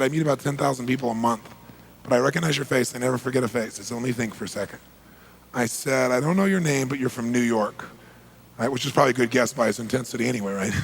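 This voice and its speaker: A man's voice: mid-range voice, gravelly, fairly bright tone, husky, poor audio. A man giving a motivational talk, telling a story with emphatic, punchy delivery and acting out conversations. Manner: emphatic, punchy, acts out quoted exchanges. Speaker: motivational speaker.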